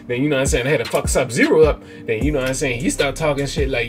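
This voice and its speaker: A man's voice: medium pitch, rapid-fire, few pauses. Rambling, profane young gamer man. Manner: excitable, rambling, profane slang. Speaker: gaming channel host. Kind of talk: let's-play commentary. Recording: game music in background.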